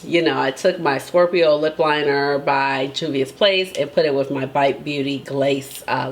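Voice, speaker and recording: A woman's voice: very deep voice, fairly even intonation, a little slow, hardly any pauses, a little hiss or hum. A woman beauty vlogger talking casually and emphatically to her viewers, laughing often and tagging her points with "okay?". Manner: chatty and emphatic, tags lines with "okay?"; laughs often between remarks. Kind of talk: casual chat.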